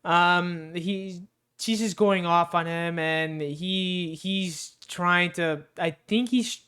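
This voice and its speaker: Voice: medium pitch, fairly bright tone, clean tone. A movie reviewer casually recapping a film with spoilers, rambling loosely with lots of fillers, restarts and swearing.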